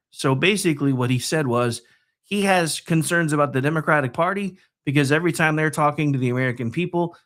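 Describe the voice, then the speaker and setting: A man hosting a political talk show, delivering a sarcastic, digressive commentary monologue that swings between loud and soft. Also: medium pitch.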